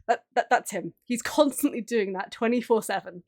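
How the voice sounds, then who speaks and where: A woman's voice: fairly high pitch, brisk, few pauses. Giggly, gushing woman streamer. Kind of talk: casual stream chat. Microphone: streaming mic.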